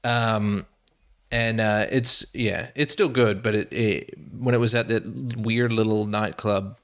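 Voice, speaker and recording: A man, a comedian and actor, chatting as a podcast guest and telling animated, self-mocking stories with plenty of restarts. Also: on the low side, takes it slowly. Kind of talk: casual podcast chat.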